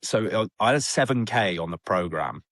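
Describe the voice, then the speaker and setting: A man's voice: fairly low pitch, lively intonation, fairly quick, a bit bright, no echo, clean studio sound. A young man, a guest on a rehab talk show, telling a story in a chatty way with many restarts. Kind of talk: casual storytelling chat.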